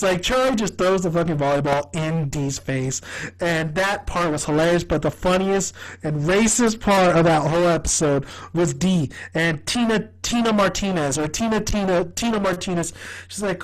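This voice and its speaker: A man's voice: sits high, normal speed, poor audio. Dude rambling about his fave sitcom, cursing a lot, laughs all the time. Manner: rambling, profane and laughing often. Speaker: TV show reviewer. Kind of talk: casual review vlog.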